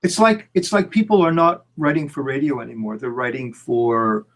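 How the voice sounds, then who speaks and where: A middle-aged songwriter and producer chats casually about songwriting. He speaks haltingly, often repeating words as he restarts sentences, with lively swings in pitch.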